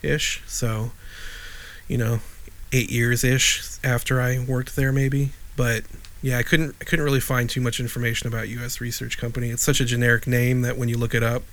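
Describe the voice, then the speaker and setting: A man's voice: medium pitch, level tone, normal speed, fairly bright tone. A middle-aged man from Illinois co-hosting a podcast, chatting casually and telling a rambling story full of restarts and dry asides. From Wheeling, Illinois, USA. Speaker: podcast co-host. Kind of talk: casual chat.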